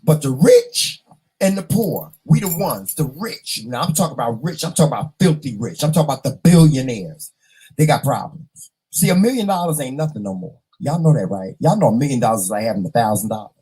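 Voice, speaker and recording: Husky, animated male vlog host. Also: medium pitch, brisk, low-quality recording. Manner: animated, dramatic, talks to viewers and acts out scenes. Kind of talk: casual live chat reading comments.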